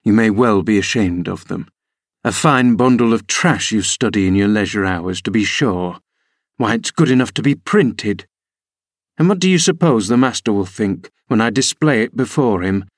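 A man's voice: fairly low pitch, expressive, moderate pace, dry recording, studio quality. A man voicing a stern middle-aged housekeeper who scolds a girl in a scornful tone. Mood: scolding scornful.

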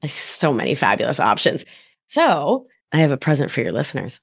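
A woman guest on a podcast, a wellness and somatics coach who talks in an effusive, playful way, dropping soft and then rising to exclaim. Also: low voice, sing-song, a little fast, creaky, slightly rough. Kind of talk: casual podcast conversation.

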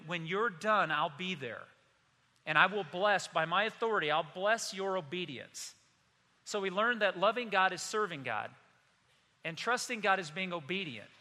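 A man's voice: high voice, bright, forceful tone, in a large hall. A man pastor delivering a sermon in an earnest, conversational way, weaving in personal stories.

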